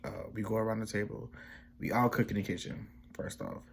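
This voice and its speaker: Low gravelly-voiced young man telling a story. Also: a little fast, slight background noise. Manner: relaxed, rambling storytelling with slang and restarts; slips into voices when quoting family. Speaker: vlogger. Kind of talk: casual storytime vlog.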